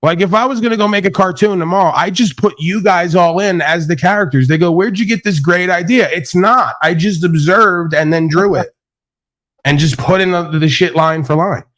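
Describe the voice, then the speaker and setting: A man's voice: high-pitched, moderate pace, a bit bright. A man hosting a live stream, talking in a boastful, rambling, mocking way in crude casual banter.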